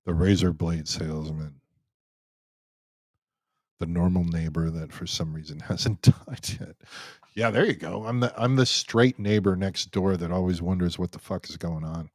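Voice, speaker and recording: A man's voice: low-pitched, steady tone, moderate pace, no room sound. A man hosting a live Q&A stream, chatting casually as he reads out viewer comments and jokes around with many restarts. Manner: rambling and joking, many restarts.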